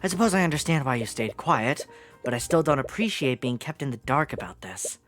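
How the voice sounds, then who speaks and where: A woman voicing a worried young woman protagonist, speaking her thoughts low and half-whispered. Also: lively intonation, brisk, soft background music. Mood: guarded.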